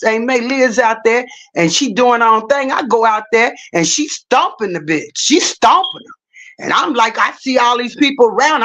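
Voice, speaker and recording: A woman's voice: on the high side, fairly bright tone. A middle-aged woman livestreaming, telling stories in a blunt, profane, casual rant.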